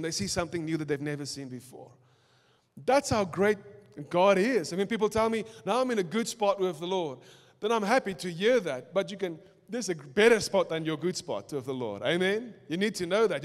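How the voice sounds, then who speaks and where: High-voiced South African pastor in hall. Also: male voice. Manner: storytelling, animated, swings loud and soft. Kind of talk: sermon with personal testimony. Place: church auditorium. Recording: reverberant church hall.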